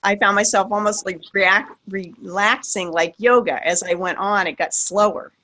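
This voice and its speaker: Calm reflective woman, video call participant. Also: mid-range voice, normal speed. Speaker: workshop participant.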